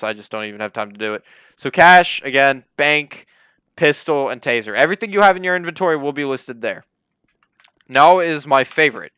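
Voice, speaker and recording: A man's voice: mid-range voice, pushed and bright, clear, resonant tone, no room sound. A young man casually walking viewers through a roleplay game server, rambling with lots of fillers and apologies. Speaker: roleplay server police department leader. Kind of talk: casual gameplay walkthrough. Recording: dry, slightly dull lo-fi mic.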